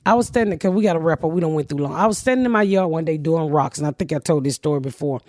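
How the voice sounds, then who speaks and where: A woman's voice: low voice, rapid-fire, darkish tone, no echo. A woman hosting a podcast who tells stories in a blunt, profane way. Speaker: podcast host. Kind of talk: casual podcast chat.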